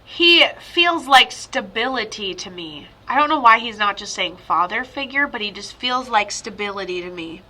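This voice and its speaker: A woman psychic medium giving a chatty, rambling spirit reading over a video call, with sudden excited outbursts. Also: mid-range voice, normal speed, few pauses.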